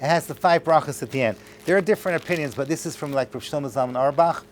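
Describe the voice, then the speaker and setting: A man giving a lively, joking class lecture to a live audience, talking straight to his listeners. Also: on the high side, fast talker, slight background noise.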